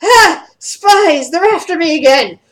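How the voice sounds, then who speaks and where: A woman voicing a paranoid mad male mage who shouts frantically. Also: extremely high pitch, lively intonation, moderate pace, slight background noise, pitched above the performer's own voice. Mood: frantic.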